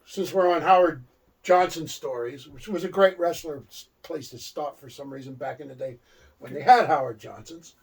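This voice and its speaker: An older man co-hosts a casual chat and spins long, rambling stories. His voice is husky and sits fairly high. It is captured from a distance. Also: moderate pace. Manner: rambling storyteller. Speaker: co-host.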